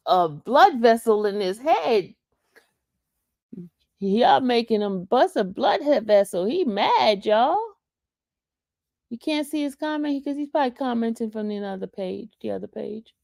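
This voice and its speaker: Gravelly-voiced New woman streamer. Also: high voice, no echo, clean studio sound. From New York. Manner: taunting, reading chat comments aloud. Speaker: livestream host. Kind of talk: casual livestream chat.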